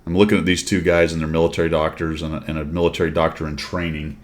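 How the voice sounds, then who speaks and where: A man hosting a casual chat stream, telling stories in a relaxed way. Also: very deep voice, quick pace. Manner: laid-back anecdotal storytelling. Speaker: streamer host.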